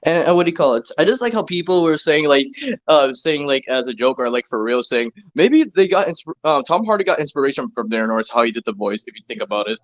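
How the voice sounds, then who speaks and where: A man's voice: medium pitch, animated, fast talker, highs cut off. A man hosting a casual online chat who talks hesitantly, with many fillers and restarts. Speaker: stream host.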